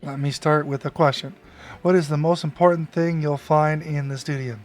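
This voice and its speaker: A man reading out the lines of a chatty school clerk who welcomes a newcomer, slowly, stumbling over hard names. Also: on the high side, fairly even intonation, faint music behind, close to an everyday voice. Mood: welcoming.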